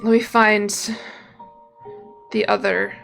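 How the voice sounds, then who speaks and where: A woman's voice: mid-range voice, flat delivery, takes it slowly, gravelly, fairly bright tone. A young woman streaming, chatting casually and rambling with lots of fillers and restarts. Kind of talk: casual live-stream chat. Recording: faint music behind.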